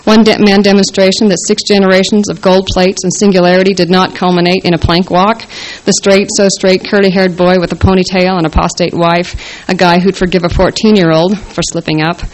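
A woman's voice: fairly low pitch, little pitch movement, brisk, rough recording. A woman reading her first-person story aloud with a wry, dry delivery.

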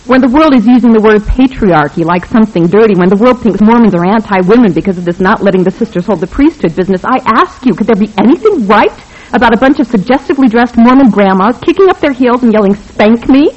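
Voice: medium pitch, lively intonation, quick pace, dull audio, pitched above the performer's own voice, close to an everyday voice. A reader doing an earnest Mormon husband, middle-aged. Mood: indignant. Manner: earnest, pleading, fiercely hushed at times.

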